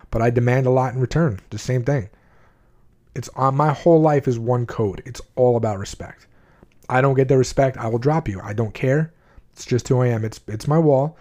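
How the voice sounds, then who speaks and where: With a darkish mid-range voice, an adult man of at least his twenties recounts his life for his viewers. His candid telling is blunt and emotional, marked by frequent restarts of his sentences.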